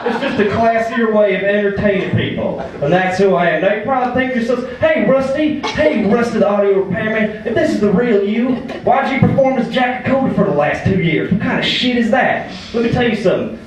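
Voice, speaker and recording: A man's voice: sits high, lively intonation, a little fast, hardly any pauses, distant mic, slight background noise. A man playing a brash Southern redneck comic. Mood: boastful. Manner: loud, boastful, drawling. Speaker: stand-up comedian. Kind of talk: stand-up comedy. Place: comedy club stage. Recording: echoey club heard from afar. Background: crowd laughing.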